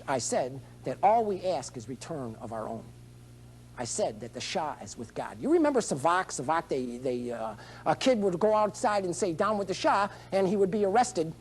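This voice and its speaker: Brief: male political candidate, high voice, rambling and eccentric, digressive showman delivery. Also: breathy edge. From United States. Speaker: presidential candidate. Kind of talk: rambling campaign speech.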